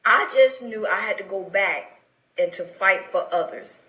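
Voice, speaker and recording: A woman's voice: mid-range voice, a little slow, bright, forceful tone, reverberant, low-quality recording. A middle-aged woman with an Atlanta accent, telling her life story with emotional, preacherly fervor as a talk show guest. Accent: Atlanta, Southern US. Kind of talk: testimony in a radio talk show interview.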